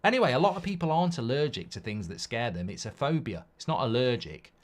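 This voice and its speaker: A man with a mid-range voice hosts a live football watchalong, chatting loosely to his viewers. He rambles through stories and reads their comments out. He is blunt, and his volume jumps between loud bursts and quiet mutters. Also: medium pitch, sing-song, fast. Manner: rambling storyteller, reads chat comments aloud. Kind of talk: live-stream casual chat.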